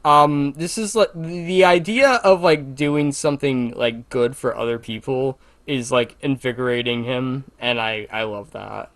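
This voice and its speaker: A man's voice: medium pitch, fairly even intonation, a little slow, hardly any pauses, a bit bright. A man co-hosting a podcast in casual chat, talking with a Valley Girl inflection. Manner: chatty, self-described Valley Girl inflection. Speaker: podcast co-host.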